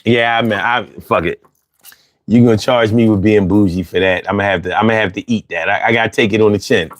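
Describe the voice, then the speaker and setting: A man hosting a call-in talk show in AAVE, animated and joking with plenty of profanity. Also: lowish voice, brisk, no room sound.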